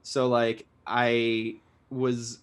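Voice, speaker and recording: A man's voice: medium pitch, completely flat delivery, very slow, clear, resonant tone. A young man, a guest singer, talking casually in an interview, chatty and self-deprecating, laughing often and restarting sentences.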